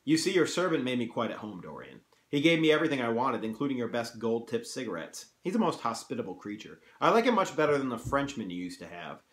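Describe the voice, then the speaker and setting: A man's voice: mid-range voice, very animated, quick pace, few pauses, fairly bright tone. A man reading as a grave, earnest painter. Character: grave serious male painter friend. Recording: roomy echo.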